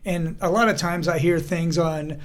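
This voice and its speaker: A man's voice: fairly high pitch, steady tone, normal speed, crowd noise. A man co-hosting a podcast, telling stories in a rambling casual chat, peppering his talk with "you know". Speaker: podcast co-host.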